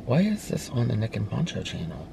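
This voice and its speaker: Chatty low-voiced man in a car. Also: huge pitch swings, a little fast, gravelly, background noise. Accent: American Midwest. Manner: chatty, rambling, addresses viewers as you guys. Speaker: vlogger. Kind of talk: casual vlog chat. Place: parked car.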